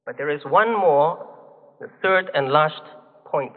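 Male preacher, high-pitched, deliberate and emphatic, recorded in a hall with long echo. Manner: measured, emphatic teaching with rhetorical questions. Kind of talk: sermon. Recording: phone-like, long hall reverb.

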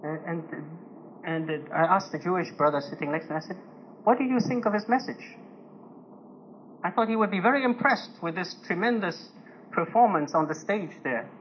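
A man preaching a conversational sermon to a congregation, telling personal stories gently and with humor, chuckling now and then. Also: sits high. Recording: dull lo-fi recording with faint noise.

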